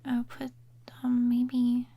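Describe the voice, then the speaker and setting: Woman, soft-spoken ASMR chat, whispery, slow and unhurried delivery. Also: fairly high pitch, completely flat delivery, breathy edge. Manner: whispery and mumbly, with trailing restarts. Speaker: ASMR gaming creator. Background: quiet rain sounds.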